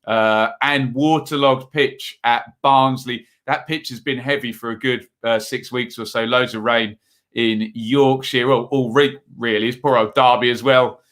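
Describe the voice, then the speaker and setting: This is a man hosting a live football stream in a relaxed, chatty way. His voice is bright and forward and sits in a middle pitch. He rambles loosely with plenty of fillers, reading out viewer comments between quick match updates.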